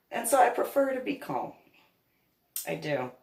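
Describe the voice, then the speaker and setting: Woman vlogger from New Jersey, slow and animated, laughs a lot, echoey room. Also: mid-range voice, creaky. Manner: rambling storytelling, laughing often. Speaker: vlogger, reverend. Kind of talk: casual monologue. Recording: roomy echo.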